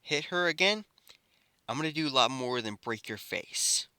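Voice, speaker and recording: A man voicing an angry, protective teenage boy who speaks low and threatening. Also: animated, normal speed, pushed and bright, smooth, no echo, studio quality. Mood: menacing.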